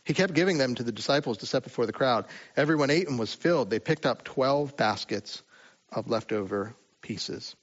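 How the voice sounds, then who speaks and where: A man preaching a sermon in a relaxed, conversational way, with rhetorical asides to the listeners. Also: mid-range voice, moderate pace, dull audio. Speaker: pastor.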